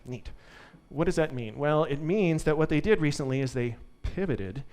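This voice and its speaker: A man's voice: a little high, lively intonation, normal speed, darkish tone. A man giving a live conference tech talk to an audience, upbeat and joking. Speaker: conference speaker.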